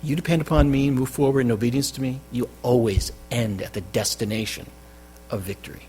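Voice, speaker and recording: A man preaching a sermon as pastor, with loud stressed phrases that drop to quiet endings. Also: mid-range voice, fairly even intonation, a little fast, slight background noise. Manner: emphatic, swinging between loud stresses and quiet drops. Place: church.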